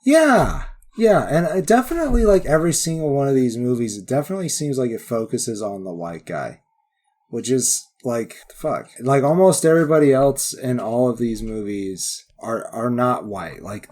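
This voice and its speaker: A man co-hosting a podcast in casual chat about a movie. His voice sits at an ordinary middle pitch, and he rambles, laughs often and swears offhand. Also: animated, moderate pace, darkish tone. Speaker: podcast co-host.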